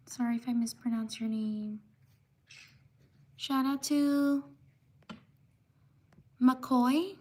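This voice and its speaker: A woman hosting a livestream reads viewer names from the chat in a slow, unhurried way. Her voice sits high and stays level, with little rise and fall, and she pauses between each shout-out. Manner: slow, steady shout-outs, apologizing for mispronouncing names. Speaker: livestream host.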